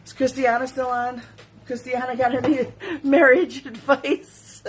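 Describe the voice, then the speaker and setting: A woman's voice: sits high, steady tone, measured pace, a little hiss or hum. A woman who makes jewelry, hosting a casual live sales stream from her studio. She chats, giggles and reads viewer comments aloud. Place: home studio.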